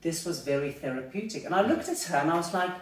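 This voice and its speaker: A man's voice: fairly high pitch, lively intonation, quick pace. A man, a hairdresser hosting a salon chat, talking casually and leaning on "you know" as he thinks aloud. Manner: conversational, many "you know" fillers. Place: hair salon. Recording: echoey room from far off.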